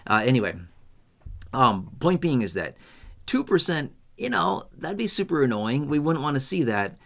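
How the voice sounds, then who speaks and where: A man from the United States giving casual, animated commentary to camera as a finance commentator, often asking rhetorical questions. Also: a little high, normal speed, vocal fry.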